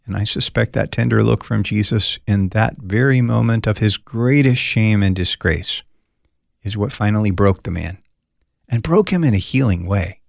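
With a low-ish male voice showing vocal fry, a pastor walks through a Bible passage at normal speed, acting out the quoted lines expressively with folksy asides in a conversational manner. The studio-quality recording has no room sound.

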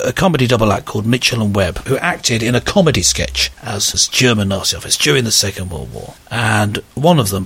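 Guy hosting a talk show, gravelly husky voice, earnest, keeps asking his co-host questions. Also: fairly low pitch, a bit bright. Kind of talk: conversational talk show discussion.

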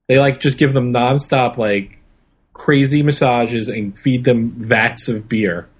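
A man's voice: medium pitch, fairly even intonation, takes it slowly, slightly rough. A man guesting on a casual comedy podcast, wry and laughing along.

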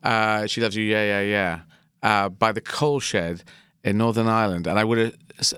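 A man's voice: on the low side, fairly even intonation, moderate pace, a bit bright, clean tone, no echo, studio quality. A man in his fifties with an English accent, a guest chatting casually with many restarts and self-deprecating asides. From England. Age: 50s. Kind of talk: casual chat.

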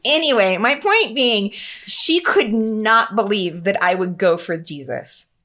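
A woman chatting casually, telling a story in a lively, self-mocking way and putting on the voices of the people in it. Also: mid-range voice, a little slow. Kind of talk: casual chat.

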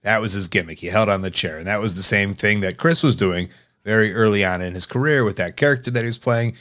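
A man's voice: lowish voice, fast, fairly bright tone. A man hosting a podcast, chatting casually in a laid-back, wry and teasing way. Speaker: podcast host. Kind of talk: casual chat.

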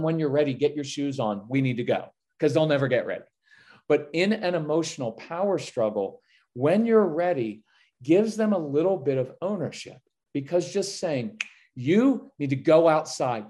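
Energetic man giving parenting advice. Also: fairly high pitch. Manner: energetic, acts out parent and child lines. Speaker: parenting podcast guest. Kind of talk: casual podcast conversation.

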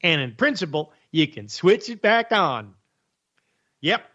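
A man's voice: a little high, sing-song, a little slow, pushed and bright. A man hosting a talk radio show, delivering a sarcastic, mocking monologue on the news and laughing at his own jokes. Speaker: radio host. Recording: dull lo-fi radio audio.

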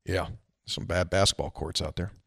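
A man's voice: low voice, fairly even intonation, normal speed, a bit bright, dry recording. A man co-hosting a casual sports podcast, telling stories and reading listener emails with dry asides. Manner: storytelling, reads emails aloud with dry asides.

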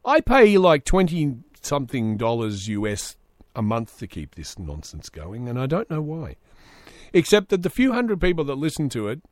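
Sarcastic rambling man with a lively voice. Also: mid-range voice, no room sound, clean studio sound. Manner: sarcastic rambling commentary, reading news aloud with asides. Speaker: podcast host. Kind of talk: solo comedic podcast monologue.

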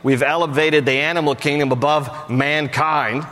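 A man delivers a sermon with an animated, joking manner, his voice sitting a little high. He lifts his pitch sharply to stress points. The sound carries a long reverb from a large hall. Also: normal speed. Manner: animated, jokey, raises pitch for emphasis. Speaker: pastor.

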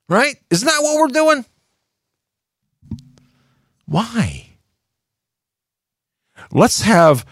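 An older male host delivering heated commentary in a very deep voice. His pitch leaps wildly, from low mutters to high shouts. The sound is dry and close, with no room echo. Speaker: talk show host. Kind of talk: opinionated commentary.

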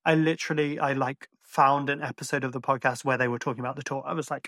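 A man's voice: mid-range voice, flat delivery, quick pace, a bit bright, no echo, studio quality. A man from Ireland with a mixed Irish accent, hosting a podcast and chatting casually with lots of fillers. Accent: Irish, mixed and hard to place. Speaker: podcast host. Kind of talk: casual chat.

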